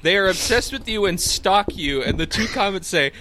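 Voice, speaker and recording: A man's voice: sits high, animated, normal speed, very noisy. A man in casual comedic chat, reading items and reacting with exaggerated disbelief.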